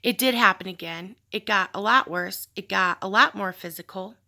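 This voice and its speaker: Gravelly, bright-voiced woman telling her story. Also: medium pitch, normal speed. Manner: candid, reflective, with sighs and fillers. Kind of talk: personal storytelling.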